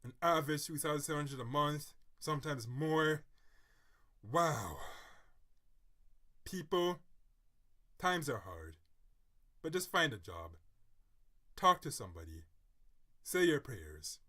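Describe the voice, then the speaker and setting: Guy vlogging, reads an article then preaches about it, kinda high, super bright and punchy, dramatic. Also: very animated, slow, long pauses. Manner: dramatic, theatrical asides; earnest, moralizing tone. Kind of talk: reading an article aloud, then personal commentary.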